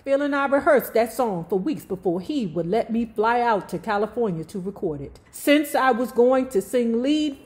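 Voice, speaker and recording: Brief: woman with a slightly high voice, reads a memoir, then jumps into animated, sassy commentary. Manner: animated, sassy, cursing asides. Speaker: YouTube storyteller. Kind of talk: reading a memoir aloud with casual commentary.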